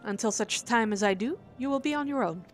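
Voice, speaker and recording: A poised female scholar from a video game speaks in formal, measured phrases, as a woman reads her lines. The voice sits fairly high and quiet. Faint music plays behind. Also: animated, lightly acted. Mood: thoughtful. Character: calm, learned female scholar.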